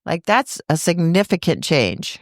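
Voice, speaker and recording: A woman's voice: on the low side, sing-song, unhurried, no echo, studio quality. Earnest, thoughtful woman podcast co-host. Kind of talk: casual podcast chat.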